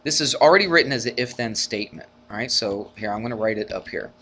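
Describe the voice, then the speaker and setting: Talking fast at a medium pitch, a male math teacher runs a conversational college algebra lecture. He tosses rhetorical questions at students and dramatizes arguments with an animated, rising voice.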